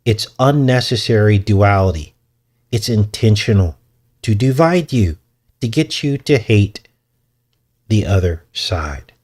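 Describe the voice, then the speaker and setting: Male host, lowish voice, casual livestream chat, self-deprecating, chuckles often. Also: animated, slow, long pauses, a little mellow.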